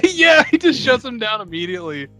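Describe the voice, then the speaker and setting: A man's voice: extremely high pitch, very animated, a little fast, sharp tone, soft background music. A man co-hosting a podcast, giggling and talking crudely and animatedly about a movie. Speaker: podcast co-host. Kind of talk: casual movie-review chat.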